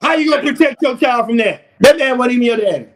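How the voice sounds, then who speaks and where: High-voiced man preaching to a panel. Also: expressive, fast talker. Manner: preaching cadence, rising to shouts, voices children's quotes. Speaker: talk show panelist. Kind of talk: impassioned talk show discussion.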